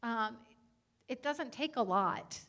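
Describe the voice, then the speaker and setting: A woman speaking in church, earnestly and gently encouraging kindness, with frequent fillers. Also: a little high, expressive, takes it slowly. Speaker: guest speaker on church stage. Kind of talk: church talk on etiquette.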